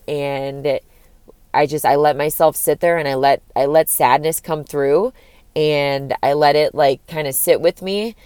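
A woman's voice: sits low, a little mellow, clear, resonant tone, dry recording. A young woman talking candidly in a casual vlog, rambling with lots of "like" and swearing freely. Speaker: vlogger giving breakup advice.

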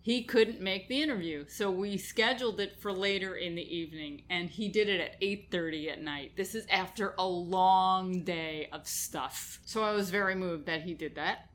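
A woman's voice: lowish voice, moderate pace, hardly any pauses. A woman co-hosting a show in a casual, playful chat. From New York. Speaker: co-host.

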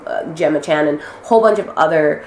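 A woman acting as interview guest, telling lively stories in casual chat, acting out quotes and swearing freely. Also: low-pitched, brisk. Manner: animated storyteller, acts out quotes, swears freely. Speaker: actress and guest. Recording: roomy echo with faint noise.

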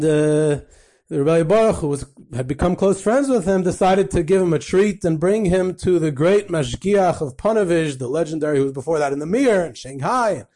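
A man's voice: on the high side, mellow. A man hosting a podcast, telling anecdotes with frequent fillers and Yiddish phrases. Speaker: podcast host. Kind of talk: storytelling talk.

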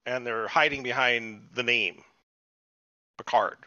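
A man's voice: medium pitch, steady tone, takes it slowly, pushed and bright, no echo. A man hosting a podcast, chatting casually and ranting with lots of swearing. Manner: profane, ranting, mocks people with put-on quotes. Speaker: podcast host. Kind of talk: casual chat reviewing a TV show. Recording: dull lo-fi podcast audio.

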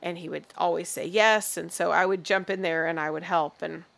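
A middle-aged woman co-hosting a podcast, telling a family story in an animated, chatty way and slipping into voices when she quotes people. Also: on the low side, normal speed, creaky. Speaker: podcast co-host. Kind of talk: casual chat.

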